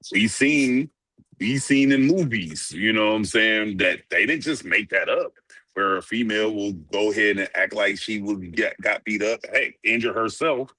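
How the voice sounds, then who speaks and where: A man with a fairly low but bright, forceful voice, making his points in loose, casual sports banter. He talks emphatically and stumbles over repeated words as he gets going. The sound is dry, with little room echo. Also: breathy edge. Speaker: podcast co-host.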